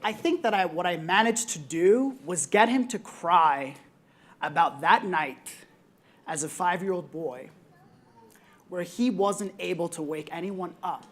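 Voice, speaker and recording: A young woman with a somewhat low voice speaks on a conference panel. She tells a personal story earnestly and reflectively, with frequent ums along the way. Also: measured pace.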